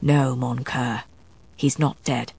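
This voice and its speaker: A woman voicing a tender, protective male vampire husband, speaking low, soft and steady. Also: slow, vocal fry, husky, no echo, exaggerated voice.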